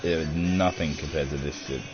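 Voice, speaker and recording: A young man unboxes something while chatting casually and crudely, swearing a lot and calling everyone dude and bro. His voice rumbles low, steady in tone and brisk, on dull lo-fi audio with faint music.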